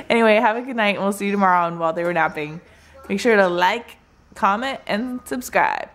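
A woman's voice: mid-range voice, normal speed, pauses often, fairly bright tone. A young woman hosting a casual vlog, tired and in pain, talking to the camera from a couch at home. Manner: tired, resting on a couch, talks with laughs. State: in pain from contractions. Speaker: vlog host. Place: living room at home.

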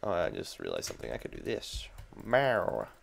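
A man's voice: rumbling low, sing-song, very fast, vocal fry, slight background noise. A young man hosting a gaming video, chatting casually and reacting jumpily to the game, with keyboard clicks behind him. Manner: chatty, self-amused, jumpy reactions. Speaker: gaming channel host.

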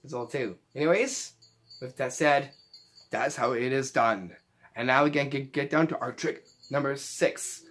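A man's voice: mid-range voice, unhurried, a bit bright. A man hosting a casual magic tutorial, rambling along and often repeating phrases. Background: faint Christmas music.

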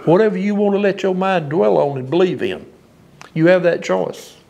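A preacher with a drawl delivers an informal sermon in a somewhat high voice. He is folksy and emphatic, and he laughs at his own turns of phrase. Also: moderate pace, creaky, warm tone, a little hiss or hum.

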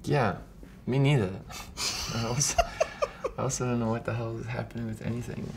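A South African man rambles through a casual interview, peppering almost every phrase with "like" and swearing without a second thought. His pitch sits in the middle for a man, and faint noise hangs behind him. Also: steady tone, normal speed, creaky. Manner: rambling, profane, full of "like" fillers. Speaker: musician and actor, guest.

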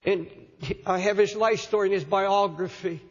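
A man's voice: high voice, fairly even intonation, moderate pace. Older male pastor, impassioned sermon, muffled lo-fi tape. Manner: impassioned, repeats words as he preaches. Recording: lo-fi sermon recording in a hall.

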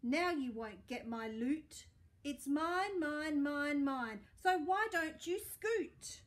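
Lady putting on a bossy selfish pug, loud high grumbling, storybook dog. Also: expressive, slow pace. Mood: greedy, bossy.

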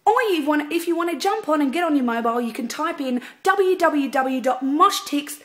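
A perky female ticket sales clerk, voiced by a woman reads out numbers and web addresses with a bubbly, upbeat sales-pitch lilt. Her voice sits higher and brighter than an everyday speaking voice. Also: lively intonation, moderate pace. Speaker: singer.

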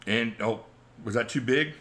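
A man in his forties hosts a casual livestream Q&A on his channel, chatting, reading out viewers' questions and chuckling often. He speaks at normal speed and medium pitch, in a pushed, bright voice.

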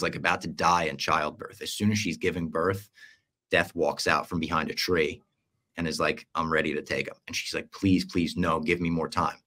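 A young man on a casual podcast, recapping a series at length and acting out quoted lines along the way. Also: low voice. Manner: animated storyteller, acts out quoted lines. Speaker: podcast co-host.

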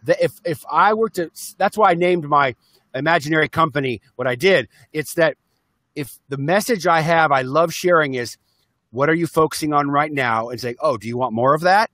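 Enthusiastic male guest on a video call, a touch high-pitched, dry close sound, casual and upbeat. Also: normal speed, fairly bright tone, no echo. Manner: enthusiastic, upbeat, acts out voices. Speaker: interview guest, self-help speaker and musician. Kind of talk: casual interview talk.

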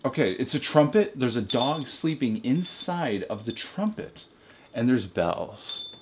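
A man's voice: mid-range voice, animated, measured pace, background noise. A young man doing a mock-serious comedy review at home, rambling into asides and apologizing for them. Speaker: comedy vlogger. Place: home beside a Christmas tree. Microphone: camera held by a friend.

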